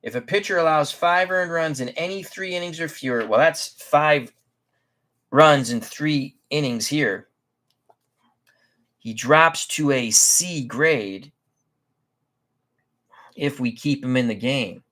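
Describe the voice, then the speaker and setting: A man with a fairly high, sharp-toned voice hosts a tabletop baseball game, giving chatty, unhurried play-by-play and correcting himself along the way.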